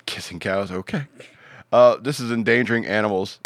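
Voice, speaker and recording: A man's voice: lowish voice, fairly quick, slight background noise. A man hosting a podcast, reading out odd news stories in a rambling, joking way with many fillers. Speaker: podcast host.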